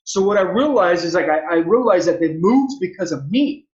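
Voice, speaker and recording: A man's voice: high-pitched, animated, moderate pace, darkish tone, roomy sound. A man in his forties from Southern California, a former pro baseball player telling his life story as an interview guest in an earnest, repetitive way, often restarting his phrases. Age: 40s. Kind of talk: heartfelt personal storytelling. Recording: dull lo-fi audio.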